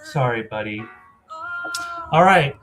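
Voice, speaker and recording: A man's voice: mid-range voice, animated, slow pace, noisy background. A man co-hosting a live vintage sale, talking in an easygoing, fond way with lots of fillers. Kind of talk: casual sales chat.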